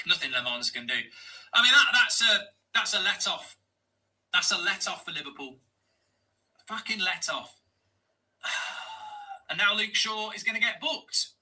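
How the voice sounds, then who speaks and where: A man reacting to a football match live as a fan channel host, exasperated and swearing, often breaking into shouted rants. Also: high voice, expressive, unhurried, long pauses, rough recording. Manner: swearing, exasperated, ranting at the game.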